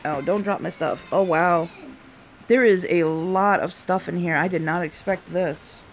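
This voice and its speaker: Chatty, excitable young woman unboxing live. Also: lowish voice, a little slow, a little hiss or hum. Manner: chatty and excitable, frequent delighted exclamations; breaks off to talk to family off camera. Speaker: unboxing vlogger hosting a live stream. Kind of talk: casual live unboxing chat.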